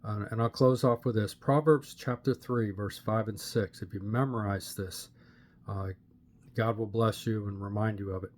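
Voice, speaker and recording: A man's voice: fairly low pitch, fairly even intonation. Earnest older man telling his faith story. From Pittsburgh, Pennsylvania. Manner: earnest, plain-spoken storytelling with frequent "uh" pauses. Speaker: channel host sharing his testimony. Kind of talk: personal faith testimony to camera. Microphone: camera facing the speaker.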